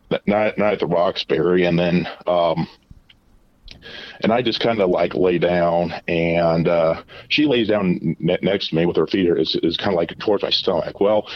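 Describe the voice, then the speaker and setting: Male caller, very low voice, halting and rambling, dull lo-fi line. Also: no echo. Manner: halting, filler-heavy, repeats words. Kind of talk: casual confessional storytelling. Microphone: phone call.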